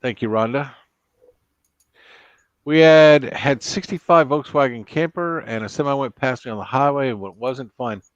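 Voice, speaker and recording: A man's voice: medium pitch, normal speed, no room sound, muffled recording. A man hosting a late-night live stream, chatting casually and rambling through road stories and corny jokes. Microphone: computer mic.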